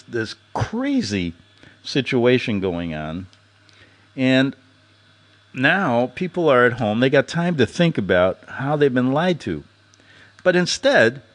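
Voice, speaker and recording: A man hosting a podcast, delivering a sarcastic satirical monologue and laughing at his own jokes. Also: medium pitch. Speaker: podcast host.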